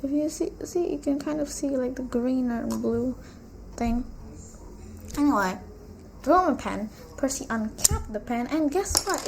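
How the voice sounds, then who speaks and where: A woman's voice: high voice, animated, a little slow, creaky, background noise. A woman vlogger casually retelling a novel at home, chatty and rambling, with many asides. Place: room at home with a blue wall.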